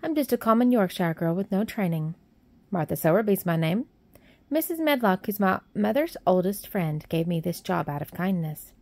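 A woman's voice: fairly low pitch, sing-song, normal speed, darkish tone, dry recording. A woman voicing a cheerful, plump young Yorkshire housemaid who talks in a friendly, plain-spoken way.

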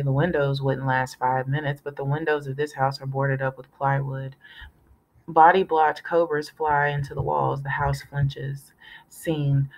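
A woman reading a novel aloud in a steady storytelling manner, now and then correcting herself. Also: sits low, poor audio. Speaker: audiobook reader.

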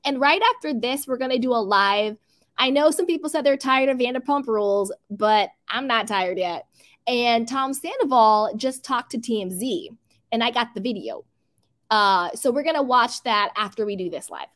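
High-voiced chatty woman livestream host. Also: moderate pace, a bit bright. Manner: chatty and opinionated, laughs often. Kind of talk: casual gossip livestream, reading chat comments.

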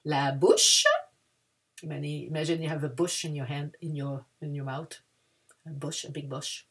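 Woman, husky and a little low, patient children's language teacher. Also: little pitch movement, moderate pace. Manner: patient, switches between English and French. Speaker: French teacher. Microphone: video lesson.

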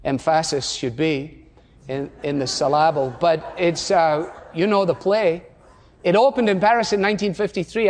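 Emphatic high-voiced older preacher. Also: male voice. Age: 60s. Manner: animated rhetorical questioning, emphatic repetition. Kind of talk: sermon. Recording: long hall reverb.

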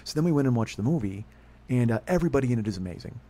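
Fast-talking middle-aged man, rambling and profane. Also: medium pitch. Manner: rambling, profane, excitable with acted-out dialogue. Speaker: podcast host. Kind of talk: casual monologue storytelling.

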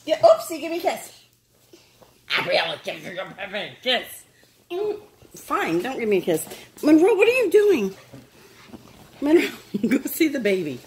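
A woman's voice: fairly high pitch, big pitch swings, a little slow, long pauses, a little hiss or hum. A woman talking baby talk to dogs and a toddler at home, laughing often, filmed on a handheld phone. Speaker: vlogger, dog owner. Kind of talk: casual home video chat.

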